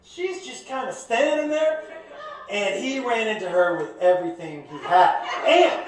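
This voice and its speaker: A man with a very high voice telling a rowdy stand-up story on a club stage. He gets animated and shouts his punchlines over the crowd's laughter. His voice rings out with heavy room echo. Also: a little slow. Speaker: stand-up comedian. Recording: echoey comedy club from the stage.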